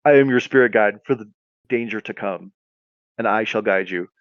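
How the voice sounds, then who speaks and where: A man's voice: fairly low pitch, moderate pace, no echo, natural voice. Little talking guide dog, done by a man, earnest, solemn, insistent, dry lo-fi sound.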